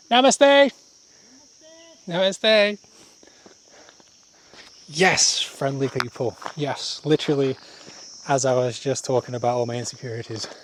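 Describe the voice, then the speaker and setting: A man narrating a walking vlog outdoors, a bit out of breath from the climb. He rambles in self-deprecating asides and laughs often at his own jokes. Faint insect noise hums under his voice. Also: mid-range voice. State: out of breath while walking uphill. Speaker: travel vlogger. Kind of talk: casual walking vlog monologue. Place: outdoors on village paths.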